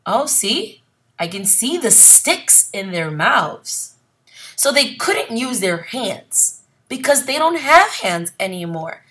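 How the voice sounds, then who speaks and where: A woman reads a picture book aloud to young listeners, taking her time over each phrase. Her voice is bright and a little high, and she stops often to ask about the pictures in a gentle, expressive teaching manner. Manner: slow, expressive storytelling with questions to children. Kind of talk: read-aloud lesson.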